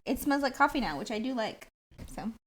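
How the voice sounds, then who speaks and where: A young woman co-hosting a podcast in casual chat, telling stories in a lively, laughing way with casual swearing. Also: fairly high pitch, a little fast. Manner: animated, swearing, laughing storyteller. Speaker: podcast co-host.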